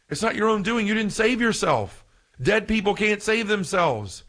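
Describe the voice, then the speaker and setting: Earnest, excitable man teaching scripture. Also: high voice, moderate pace. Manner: excitable, earnest, stumbles over words. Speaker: Catholic podcast speaker.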